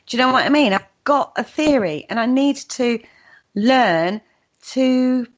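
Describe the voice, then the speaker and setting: A woman with a British accent hosting a casual radio chat show, chatty and enthusiastic. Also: a little high. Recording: dull lo-fi radio audio.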